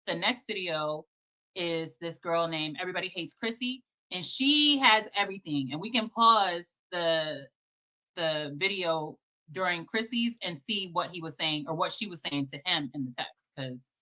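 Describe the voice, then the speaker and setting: A woman's voice: fairly low pitch, lively intonation, normal speed, pushed and bright. A woman in her thirties doing casual commentary, brash, profane and emphatic.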